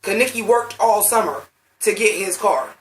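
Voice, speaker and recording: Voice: medium pitch, lively intonation, normal speed, fairly bright tone. Blunt, profane reviewer in a roomy space. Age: late 30s. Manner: blunt, profane, rambling and emphatic. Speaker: movie reviewer. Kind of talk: casual vlog review. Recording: roomy sound from a distant mic.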